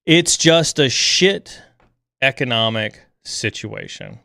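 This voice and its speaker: A man's voice: mid-range voice, wildly swooping pitch, slow, gravelly, sharp tone, dry recording, clean studio sound. A man hosting a livestream chat, talking bluntly and with lots of energy, sometimes mocking others in an overreactive voice. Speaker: stream host.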